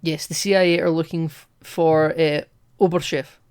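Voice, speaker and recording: A man's voice: a little high, little pitch movement, moderate pace, darkish tone, clear, resonant tone. Chatty man rambling about films. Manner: chatty, rambling, with many fillers and restarts. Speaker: podcast co-host. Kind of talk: casual film discussion.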